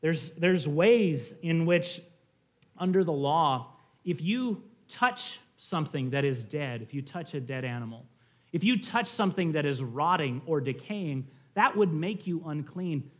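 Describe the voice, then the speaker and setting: Man, high voice, earnest sermon, rising emphasis. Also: expressive, measured pace. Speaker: preacher.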